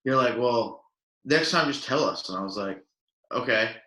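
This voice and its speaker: A man's voice: mid-range voice, normal speed. A young man telling rambling stories in casual podcast chat, full of fillers and acted-out quotes. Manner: rambling, filler-heavy, animated quoting. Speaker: podcast co-host. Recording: echoey room.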